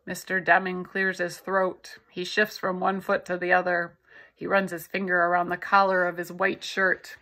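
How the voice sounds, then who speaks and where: A woman reading a novel aloud in the first person, in a steady storytelling manner. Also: on the low side, normal speed, rough recording. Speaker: audiobook narrator.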